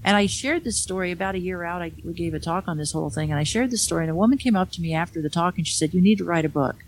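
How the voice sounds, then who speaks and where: A woman's voice: lowish voice, racing, a little hiss or hum. A middle-aged woman, an author, telling a personal story in a candid, conversational way with wry asides. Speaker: author and speaker.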